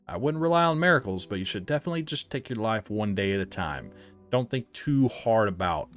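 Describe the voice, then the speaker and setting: A man's voice: on the low side, expressive, a little fast, a bit bright, soft background music. A man giving casual, rambling commentary as a game reviewer, often correcting himself mid-sentence. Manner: rambling and chatty, with frequent self-corrections.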